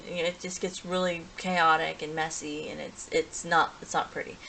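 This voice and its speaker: A woman with a lowish voice recaps a story in a loose, casual way. She talks in a rambling stream, restarting sentences and filling gaps with fillers as she goes. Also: sharp tone, a little hiss or hum, low-quality recording. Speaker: reviewer.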